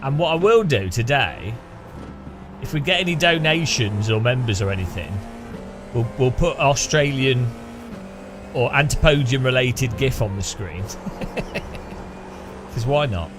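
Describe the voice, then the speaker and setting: A man's voice: medium pitch, expressive, measured pace, long pauses, over music. A man streaming a game, rambling and joking with his chat in a self-mocking way. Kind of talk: casual live stream chat while gaming.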